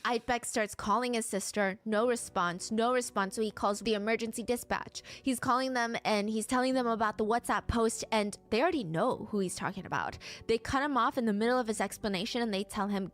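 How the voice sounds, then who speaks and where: A woman's voice: fairly high pitch, brisk, hardly any pauses. A woman narrating a true crime case in a vivid storytelling manner, acting out the people involved.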